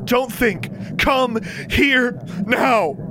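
A man voicing a brave young girl witch who shouts commands in a high voice. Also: extremely slow, a crowd in the background, full character voice. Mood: commanding.

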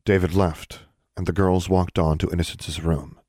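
Deep-voiced male audiobook narrator. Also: flat delivery, normal speed, a little mellow, no echo, studio quality.

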